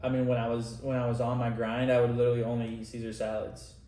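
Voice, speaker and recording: Young man, mid-pitch, relaxed rambling co-host talk in an echoey home room. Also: quick pace. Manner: rambling, laid-back, self-deprecating. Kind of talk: casual chat. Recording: roomy echo.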